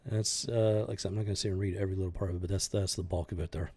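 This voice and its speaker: A man with a deep, gravelly voice talks through a story in casual commentary. His tone is husky, and he circles back on his words, restarting phrases as he presses his point. He comes across earnest and unscripted. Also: steady tone, very fast, darkish tone. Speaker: channel host commenting on a news story.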